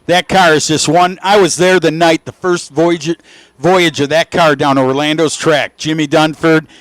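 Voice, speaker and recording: A man in his sixties commentating live drag racing, telling folksy stories and shouting when the cars run. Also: on the high side, moderate pace, no room sound. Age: 60s. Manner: folksy storytelling, shouts with excitement at the action. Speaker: race commentator.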